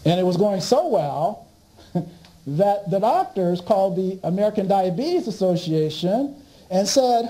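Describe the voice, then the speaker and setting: A man giving a lecture, telling an animated story and laughing along with it. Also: high voice, a little slow, poor audio.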